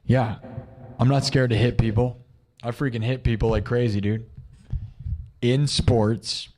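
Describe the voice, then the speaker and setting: Slightly slow and steady, with a mid-range, darkish voice, this Iowa man in his thirties hosts a music livestream despite a sore throat. His chatter is casual and boastful, and he keeps saying "dude" and "bro."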